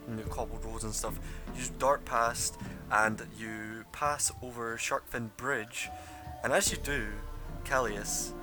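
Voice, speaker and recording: A man's voice: mid-range voice, steady tone, slow pace, over music. A man running a tabletop game as game master, narrating loosely with lots of fillers and laughs. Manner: rambling, laughing, many fillers.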